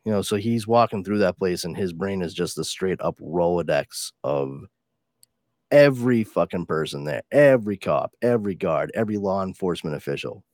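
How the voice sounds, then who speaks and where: A man's voice: low-pitched, expressive, moderate pace, a little mellow, dry recording, studio quality. A man co-hosting a casual chat about comics, loose and swearing now and then. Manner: casual, swears, reads comic lines in put-on voices. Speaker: podcast co-host.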